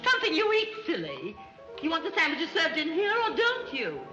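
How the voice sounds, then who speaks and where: An actress playing a flighty, scatterbrained rich matron who rambles giddily in 1930s screwball film style. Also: female voice, sits high, wildly swooping pitch, a little fast, bright, forceful tone, full character voice. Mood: flustered. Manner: giddy, rambling, airheaded chatter. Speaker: scatterbrained society mother. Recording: muffled 1930s film soundtrack with music.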